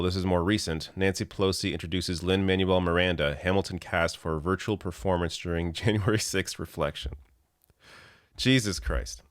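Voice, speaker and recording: A man's voice: deep voice, fairly bright tone, dry recording, studio quality. A man hosting a political commentary show, talking in an exasperated, sarcastic way about the news. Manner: exasperated, sarcastic, laughing now and then.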